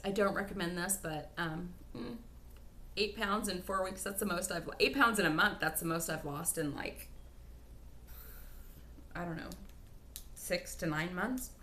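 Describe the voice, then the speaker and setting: A woman giving a casual video update, chatty and excitable, laughing often as she talks. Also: lowish voice, moderate pace. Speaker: vlogger.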